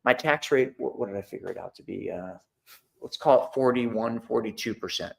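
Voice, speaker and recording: A man's voice: medium pitch, normal speed, vocal fry. A middle-aged man hosting a casual talk to an online audience, chatty and repetitive, acting out his own phone calls. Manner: conversational, repeats himself, acts out phone calls. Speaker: host of a money and investing talk.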